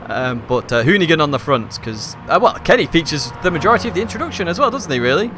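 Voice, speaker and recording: A slightly hoarse man, hosting a live esports race stream from a hot room at home and commentating in a chatty, upbeat, rambling way. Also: fairly high pitch, big pitch swings, quick pace, background noise.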